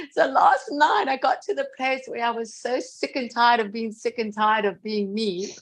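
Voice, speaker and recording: A woman telling a heartfelt personal story in an earnest, emotional way. She repeats phrases, laughs softly, and often drops to a hushed voice. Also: fairly high pitch, normal speed.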